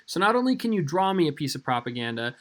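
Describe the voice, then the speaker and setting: In a recorded video lesson, a male teacher in his thirties walks students through an assignment, speaking straight to the class. His voice sits a little high for a man, and his fast, casual, upbeat delivery has big pitch swings.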